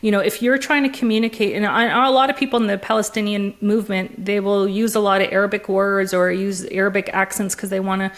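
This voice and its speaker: A woman guest in a conversational interview, talking in an animated way with frequent laughs and restarts. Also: medium pitch, fast, few pauses. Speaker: interview guest, discourse analyst.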